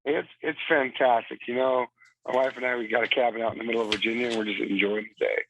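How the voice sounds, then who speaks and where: A man's voice: mid-range voice, steady tone, quick pace, background noise. A man who served as a Marine, talking as a phone-in guest on a radio interview and telling stories with energy. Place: cabin in Virginia. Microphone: phone line. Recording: tinny phone line.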